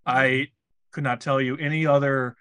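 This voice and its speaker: A man's voice: medium pitch, flat delivery, normal speed, fairly bright tone, clear, resonant tone, dry recording. An American man co-hosting a casual movie review podcast, joking and rambling with restarts. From United States. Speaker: podcast co-host.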